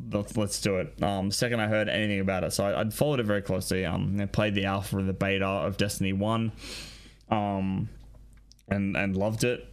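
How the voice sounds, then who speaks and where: A man's voice: on the low side, creaky. A young man hosting a solo podcast, answering listener questions in a rambling, casual way and swearing often. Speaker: podcast host.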